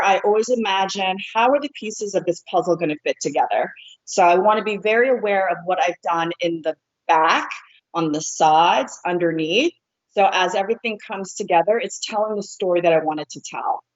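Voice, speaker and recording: A woman, an American hair colorist, calmly walks through each step of painting hair during a live demonstration. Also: mid-range voice. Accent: American, sometimes Northeastern. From born in Korea, raised in New Jersey. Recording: dull lo-fi livestream audio.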